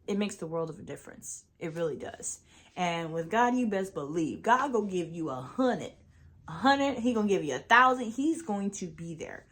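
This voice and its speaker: Earnest woman sharing her faith. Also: medium pitch. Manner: earnest, conversational, preachy at times. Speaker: podcast host. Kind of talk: faith-based personal talk.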